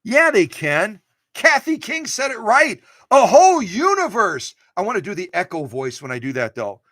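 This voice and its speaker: This vintage sewing machine restorer runs a casual, jokey demonstration from his home workshop, playfully rooting for both machine and camera. He speaks in a high, bright, sing-song voice with a forceful tone at normal speed. No reverb colors the dry recording.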